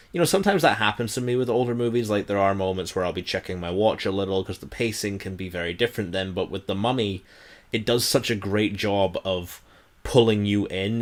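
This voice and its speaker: A man co-hosting a podcast, chatting casually about old films in a thoughtful, earnest and slightly hesitant way. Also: fairly low pitch. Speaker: podcast co-host.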